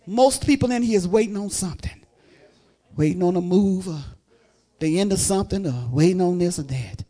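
Woman preacher going hard, shouting praise then dropping to quiet storytelling. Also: on the low side, normal speed. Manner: fervent, loud exclamations and praise interjections; drops to quiet, intimate storytelling. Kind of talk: sermon.

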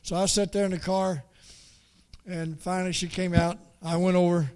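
A man's voice: sits high, flat delivery, darkish tone. Folksy man telling a sermon story. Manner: folksy, halting with many repeated starts. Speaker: preacher.

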